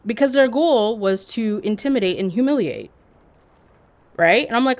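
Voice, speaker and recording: A woman livestreamer telling stories in casual chat, animated and peppered with "like". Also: fairly high pitch, a little fast. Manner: animated, heavy use of "like".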